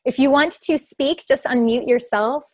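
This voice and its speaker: A woman's voice: high voice, moderate pace, no room sound. A woman hosting a live online masterclass, talking to participants over a video call in an encouraging, affectionate way. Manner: warm, encouraging, affectionate with the audience. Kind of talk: live webinar Q&A.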